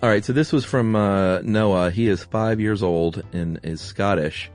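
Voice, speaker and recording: A man's voice: lowish voice, a little slow, darkish tone, soft background music. A man co-hosting a podcast in casual chat, reading a listener's email aloud with light humor. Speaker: podcast co-host.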